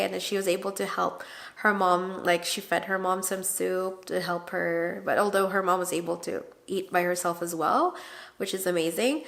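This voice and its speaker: A woman vlogger casually telling a family story, chatty and animated, often acting out quoted dialogue. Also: fairly low pitch, moderate pace, creaky.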